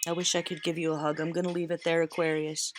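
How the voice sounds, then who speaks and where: A woman's voice: low voice, flat delivery, fast, faint music behind. A woman giving a tarot reading in an earnest, emotional way, close to tears. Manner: earnest, emotional, repeats phrases for emphasis. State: near tears. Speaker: tarot reader.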